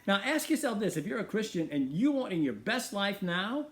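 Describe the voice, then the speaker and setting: A middle-aged man hosts a talk show in a high voice. He preaches emphatically and asks rhetorical question after question. He often repeats key phrases for weight. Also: sing-song, normal speed. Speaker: radio show host. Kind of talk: preaching monologue.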